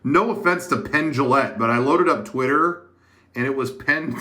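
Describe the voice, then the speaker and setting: A man's voice: medium pitch, moderate pace, pushed and bright. A man hosting a casual livestream from an editing room, rambling and chatty to the viewers. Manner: rambling, chatty, with many fillers and restarts. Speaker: livestream host. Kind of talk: casual chat to a live chat.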